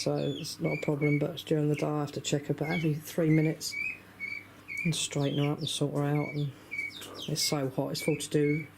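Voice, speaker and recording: A man speaks in a chatty, exasperated video-diary way, filming his poultry outdoors with a handheld camera. His voice sits a little high, and he slips into a higher coaxing tone when he talks to the birds. Faint garden noise and clucking run underneath. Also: gravelly.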